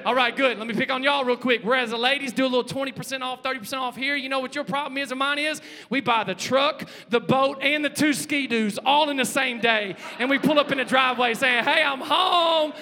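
A man, preaching a lively sermon, joking and calling out to the congregation. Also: very high-pitched, quick pace, few pauses. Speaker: pastor. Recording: long hall reverb.

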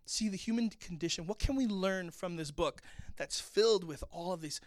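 A man's voice: sits high, normal speed, no echo, studio quality. A man reading scripture aloud and explaining it in an earnest, reflective way, as a pastor giving a Bible talk.

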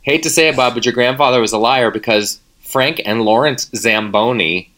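A man's voice: mid-range voice, moderate pace, a bit bright. A man, co-hosting a casual chat and playfully quizzing his partner with trivia. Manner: playful, teasing quizmaster. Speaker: co-host running a trivia game.

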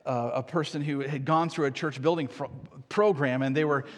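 A man's voice: on the high side, steady tone, normal speed, in a large hall. A man preaching a sermon as pastor, conversational and earnest, often checking in with "right?" and restarting his phrases.

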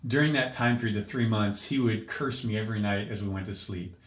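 Speaking a little fast in a fairly low voice, a man tells an emotional story from his own life as a podcast guest. He sounds earnest and searching, with restarts, and the recording carries a roomy echo.

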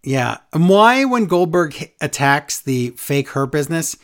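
A man's voice: a little high, very animated, unhurried, fairly bright tone. A man co-hosting a casual wrestling podcast, ranting and mocking wrestlers with sing-song repeated lines. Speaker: podcast co-host.

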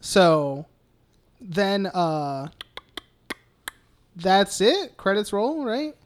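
A man's voice: high voice, big pitch swings, drawn-out words. Brief: male podcast co-host, blunt and profane, casual film banter with frequent laughs. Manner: blunt, swears freely, laughs often.

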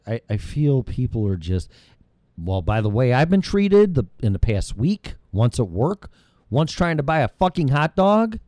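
A man's voice: fairly high pitch, darkish tone, no room sound, studio quality. A middle-aged man hosting his own show, delivering a heated, rambling monologue full of profanity. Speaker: show host. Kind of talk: ranting monologue.

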